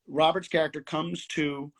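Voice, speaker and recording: A man's voice: on the high side, little pitch movement, moderate pace, a bit bright, slight background noise. A middle-aged man, a comedy writer, telling a story in casual chat on a video call, acting out quotes and laughing along.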